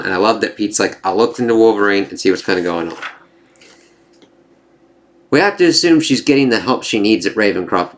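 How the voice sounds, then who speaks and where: In a lowish, fairly bright voice, a man offers an informal comic review full of spoilers. He curses liberally, wanders and backtracks to correct himself, and performs the comic's lines in more lively voices.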